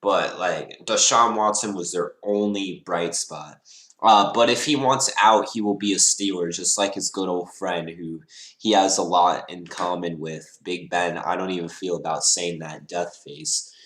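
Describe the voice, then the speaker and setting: A young man giving rambling, excitable live reaction commentary as a fan, laughing and sighing between remarks. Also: sits low, a little slow, roomy sound.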